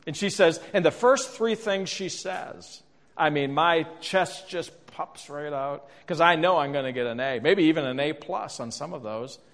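Speaking at a moderate pace in a fairly high, fairly bright voice, this middle-aged presenter leads a conference workshop on storytelling. His anecdotes are self-deprecating and full of restarts, and the lecture hall adds noticeable reverb.

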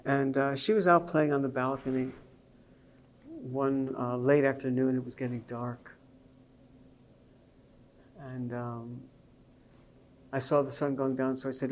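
Guy preaching, tells a story about his kid, gets loud and lively on the punchlines. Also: mid-range voice, a little slow, pauses often, slight background noise. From Jewish believer speaking to a congregation. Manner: storytelling, animated, rising to emphatic peaks. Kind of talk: sermon with personal story.

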